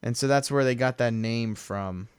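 A man's voice: medium pitch, moderate pace, clean tone, no echo, clean studio sound. A man co-hosting a podcast, chatting casually and laughing while commenting on a movie, often trailing off with fillers. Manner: laid-back, chuckling, trailing off with fillers. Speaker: podcast co-host.

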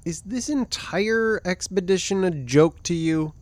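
An actor voicing a fussy, easily exasperated male explorer in a comedic audio drama, with whiny, yelling outbursts. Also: medium pitch, sing-song, takes it slowly, dry recording. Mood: hurt. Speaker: performer and show introducer.

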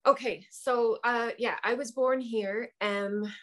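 A woman's voice: on the high side, fairly even intonation, slow pace, fairly bright tone. A woman from Utah in her thirties, a podcast guest, easygoing and hesitant, telling her story with many fillers. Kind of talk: casual storytelling interview.

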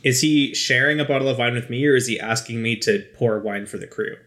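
A man's voice: mid-range voice, fairly quick, fairly bright tone. A man playing a tabletop role-playing game, casually describing what his character does. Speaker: player.

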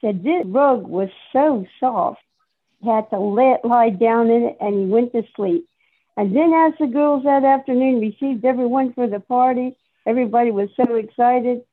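Woman, reading her own story, cheerful storyteller, fairly high voice, tinny phone-like sound. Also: normal speed. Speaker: workshop participant.

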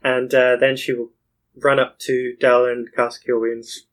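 A man's voice: medium pitch, flat delivery, measured pace, fairly bright tone, poor audio. A man playing a tabletop game, explaining rules with dry joking asides. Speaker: player. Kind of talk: casual chat at a tabletop game.

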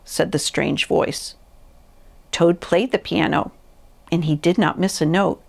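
A woman preaching a sermon in an earnest, measured way, reading scripture and a story aloud. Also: on the low side, vocal fry. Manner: earnest, measured teaching with pauses.

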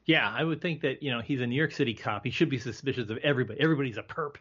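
A man chats as a podcast guest, sharing opinions in a loose, hesitant way full of fillers and restarts. His voice sits at an ordinary middle pitch, and the recording sounds slightly dull and lo-fi. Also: racing, a bit bright, husky. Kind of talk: casual movie discussion.

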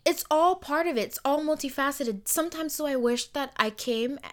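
A young woman holds forth alone on her podcast, blunt and fired up and unafraid to swear. Her voice sits a little high, and she swings from near-murmurs to loud outbursts. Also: moderate pace. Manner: blunt, heated and profane, swinging between soft and loud. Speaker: podcast host. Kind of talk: emotional solo podcast monologue.

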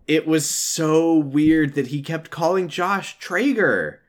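A man's voice: on the high side, slow pace. A man co-hosting a podcast, telling stories in a rambling, self-interrupting way. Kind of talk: casual chat.

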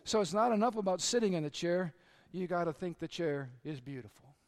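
A middle-aged man, a pastor, preaching a sermon with earnest personal stories, dropping quiet for confessions and lifting for the punchlines. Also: high voice, expressive, fairly quick.

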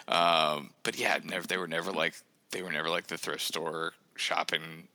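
Deep-voiced man, bright and rambling. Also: flat delivery, moderate pace, dry recording. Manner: rambling, self-deprecating humor. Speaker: guest author. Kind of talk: casual podcast conversation.

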